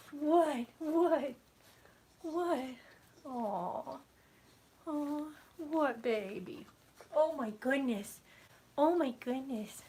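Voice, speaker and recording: A woman's voice: high voice, darkish tone, a little hiss or hum. A woman chatting casually in a home vlog, rambling with fillers and cooing baby talk at her puppy. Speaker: homesteading vlogger.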